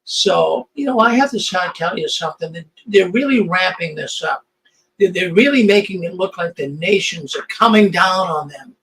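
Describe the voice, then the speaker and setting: A man's voice: high voice, moderate pace, a bit bright, slight background noise, poor audio. An older man hosting a commentary show, talking in an indignant, sarcastic way with stammering restarts as he reacts to video clips.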